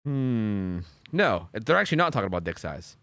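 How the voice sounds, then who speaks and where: A man's voice: fairly low pitch, sing-song, normal speed, a bit bright, dry recording, clean studio sound. A young man streaming and chatting casually, rambling with lots of fillers and casual swearing. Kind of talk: casual chat on a game stream.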